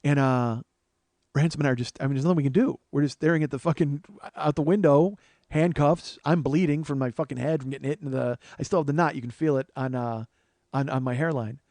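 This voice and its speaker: A man's voice: on the high side, no room sound. Profane storytelling man, dry close mic. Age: 40s. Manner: profane, animated, quick asides. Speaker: comedian podcast host. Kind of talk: comic storytelling monologue. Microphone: studio microphone he adjusts.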